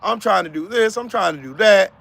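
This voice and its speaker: A man hosts a heated live-stream rant, his voice pitched high with a sharp, bright edge and a gravelly rasp. He swears freely, circles back to repeat his points, and calls out to chat viewers by name. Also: expressive, brisk, no echo. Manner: profane, fired-up, repetitive.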